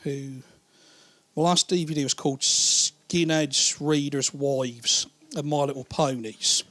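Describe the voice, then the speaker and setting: Stand-up comic, man, slightly high voice, rambling profane delivery, quick character voices, live mic. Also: fairly even intonation, pushed and bright. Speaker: stand-up comedian. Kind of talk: stand-up comedy routine.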